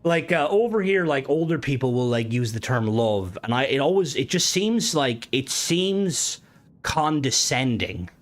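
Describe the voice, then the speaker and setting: A young man with an Irish accent streaming a game, chatting casually and reading comments aloud, joking and swearing, his voice jumping high when he gets worked up. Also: sing-song, unhurried.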